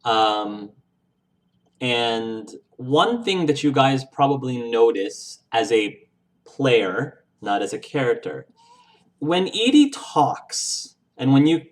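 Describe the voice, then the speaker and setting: A man narrating a tabletop game as game master, relaxed and a little hesitant. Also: medium pitch.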